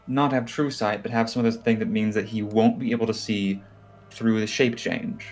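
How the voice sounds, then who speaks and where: A man's voice: on the low side, fairly even intonation, moderate pace. Man, tabletop player, casual chat, earnest explaining.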